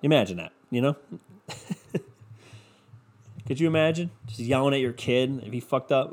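A man's voice: mid-range voice, normal speed, pauses often. A man ranting in a sarcastic, profane, rambling comedic monologue as a podcast host. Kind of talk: comedic rant.

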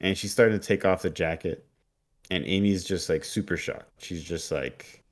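Very deep-voiced man recapping casually. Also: fairly even intonation, moderate pace. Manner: retells the plot loosely with fillers. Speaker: podcast co-host.

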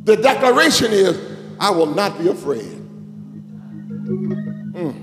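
Preacher, man, high lively voice swooping into sung shouts, recorded in a reverberant church with music behind. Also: slow pace. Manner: call-and-response preaching, building to sung shouts. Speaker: bishop preaching. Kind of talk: sermon. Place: church sanctuary. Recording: echoey church hall with music.

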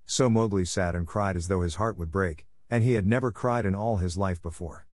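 A man with a low voice narrates a classic tale in a measured, dramatic way. The recording is close and dry, with no room sound around him. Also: a little mellow, dry recording. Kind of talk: storybook reading.

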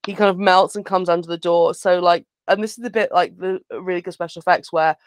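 A woman's voice: on the low side, fairly even intonation, a little fast, no echo. A woman co-hosting a podcast, chatting casually and frankly as she recaps a film with sarcastic asides. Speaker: podcast co-host.

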